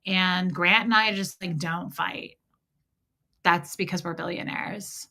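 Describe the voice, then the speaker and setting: A woman's voice: lowish voice, fairly even intonation, takes it slowly, bright, forceful tone. A woman hosting a casual livestream chat, sarcastic and mocking, swearing freely and greeting viewers by name. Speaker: livestream host. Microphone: home streaming mic.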